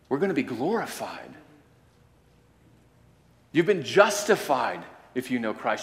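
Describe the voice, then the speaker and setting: A male preacher delivering a sermon, swinging from quiet, low statements to loud, emphatic declarations. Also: sing-song, unhurried, long pauses. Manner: varies loudness, rising to emphatic declarations and dropping low. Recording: long hall reverb.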